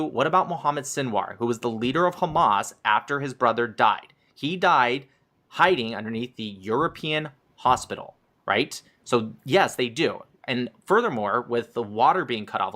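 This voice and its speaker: Man, debater, heated, sarcastic, interrupting, bright forceful tone. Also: medium pitch, expressive, fairly quick. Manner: combative, sarcastic, cuts in.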